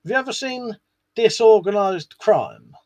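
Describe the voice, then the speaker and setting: A man's voice: high voice, expressive, unhurried, darkish tone, dry recording, lo-fi sound. A man hosting a casual live stream, chatting to viewers in a rambling way and swearing now and then. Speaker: live stream host reading chat.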